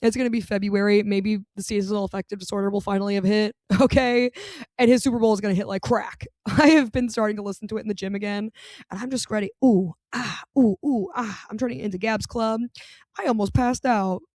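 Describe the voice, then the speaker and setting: A woman's voice: medium pitch, steady tone, fast, darkish tone, no echo. Chatty campy young woman host. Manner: chatty, campy, sarcastic asides with frequent laughs. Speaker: podcast host. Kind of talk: casual comedic monologue.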